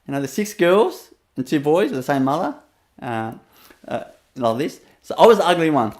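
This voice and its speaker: A man's voice: a little high, sing-song, normal speed, a little mellow. A man with a Vietnamese accent gives a rambling, storytelling webinar talk as a spiritual teacher, laughing often and leaning on fillers.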